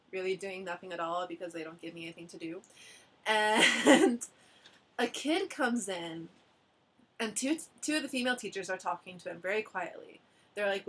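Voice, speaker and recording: A woman's voice: lowish voice, husky. A woman in her twenties telling stories about teaching in a casual chat among friends, acting out quotes and laughing often. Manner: animated storyteller, acts out quotes, laughs often. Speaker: ALT teacher sharing stories.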